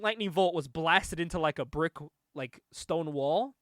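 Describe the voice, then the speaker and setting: A man with a fairly high voice talks through a comic book story in a casual, rambling way. He laughs and swears freely as he goes. The sound is dry and close, with no room around it. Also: a little slow, hardly any pauses, a bit bright, no room sound. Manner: loose, chatty retelling with frequent laughs and swearing. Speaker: podcast host.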